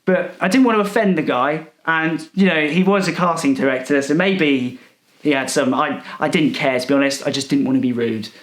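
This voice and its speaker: Man, comic monologue, sarcastic, rude, boastful, slightly high voice. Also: a little fast, echoey room. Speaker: comedic storyteller.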